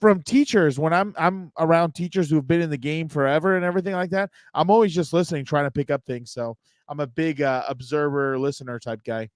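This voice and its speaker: A man with a high voice holds court on a sports talk show. He rants with strong opinions in a loose, casual chat. His voice sounds close and dry. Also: a little fast, hardly any pauses, dry recording. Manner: opinionated, ranting.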